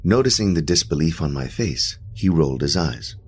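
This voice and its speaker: A man's voice: rumbling low, animated, normal speed, a little hiss or hum. A man narrating a first-person horror story in an emotional, intense way.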